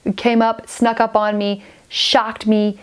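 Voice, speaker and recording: A woman's voice: medium pitch, flat delivery, slow, clear, resonant tone. Woman podcaster in her 40s, stuffy nose, rambling and gushing, mid-range voice. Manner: chatty, gushing, rambling with many restarts. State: stuffy and sniffly. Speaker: knitting podcaster. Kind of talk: casual chat to camera.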